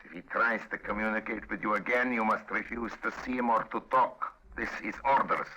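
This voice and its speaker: Male actor doing a gruff fake-Russian communist agent, raised pitch, clipped and commanding. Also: fairly even intonation, brisk, pushed and bright, rough recording. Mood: stern. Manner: curt, clipped orders.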